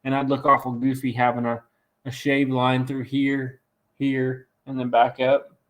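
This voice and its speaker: A raspy-voiced man hosting a casual live stream, joking and teasing in a rambling way. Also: medium pitch, little pitch movement, measured pace. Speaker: host of a farm channel live stream.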